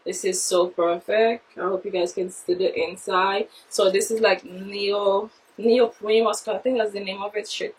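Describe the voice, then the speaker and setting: A woman vlogging casually from her basement, chatting straight to viewers, excitable and swearing freely. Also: mid-range voice, moderate pace, few pauses, distant mic, rough recording. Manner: excitable, swearing, talks straight to viewers, non-native grammar. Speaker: vlogger unboxing her own fitness products. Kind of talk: casual unboxing vlog. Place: home basement.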